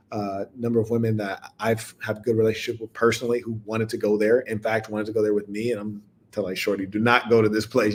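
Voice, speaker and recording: A man hosting a podcast, speaking in a casual monologue to a live audience, with animated storytelling and laughing asides. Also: lowish voice. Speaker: podcast host.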